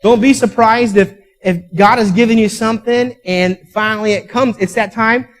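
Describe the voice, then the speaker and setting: High-voiced preacher, emphatic storytelling. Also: male voice, steady tone, moderate pace, low-quality recording. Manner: storytelling, acts out quoted voices; emphatic, rising to loud peaks. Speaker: pastor. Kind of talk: sermon.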